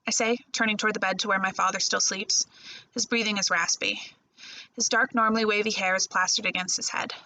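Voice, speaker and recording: Librarian lady reading a novel aloud, gravelly bright voice, steady pace. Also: mid-range voice, fairly quick, poor audio. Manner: steady first-person storytelling. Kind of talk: audiobook-style novel reading.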